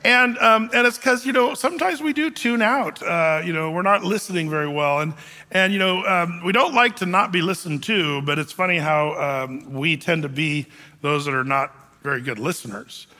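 A man's voice: fairly high pitch, normal speed, bright, forceful tone, long reverb tail. A man preaching a sermon as pastor, telling stories in a chatty way with many fillers and restarts.

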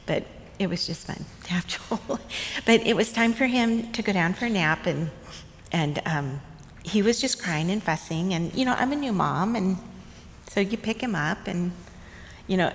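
A middle-aged woman telling motherhood memories in a tender, reflective way, often laughing softly. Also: mid-range voice, lively intonation, unhurried, slight background noise. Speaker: guest sharing motherhood memories. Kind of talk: casual storytelling chat. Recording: long room reverb, faint ambience.

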